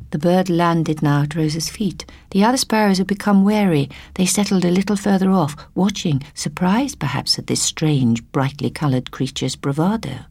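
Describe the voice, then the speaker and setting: A woman reading a story aloud in a soft, hushed storytelling manner, often slipping into a whisper. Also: fairly low pitch, moderate pace, vocal fry, hardly any pauses, slightly rough, no room sound. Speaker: narrator.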